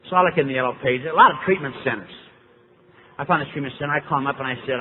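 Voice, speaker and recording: A man's voice: fairly high pitch, quick pace, slight background noise. A man telling his own story with wry humor to a meeting audience, acting out the people he quotes in a casual, conversational way. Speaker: recovery meeting speaker. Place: large meeting hall. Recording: lo-fi phone-like tape with hall echo.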